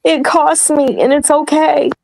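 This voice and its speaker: A woman's voice: high-pitched, level tone, unhurried, gravelly, darkish tone, no room sound, low-quality recording. Earnest woman guest on a panel. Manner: earnest, pleading, tearful at times. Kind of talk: emotional call-in talk.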